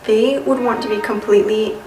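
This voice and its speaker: A woman's voice: fairly high pitch, fairly even intonation, fairly quick, a little mellow, recorded from a distance, slight background noise. A young woman giving casual dating advice to camera, sassy and chatty, with lots of "like" and "you know". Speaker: vlogger. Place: room with a white wall. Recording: echoey room, voice a bit off-mic.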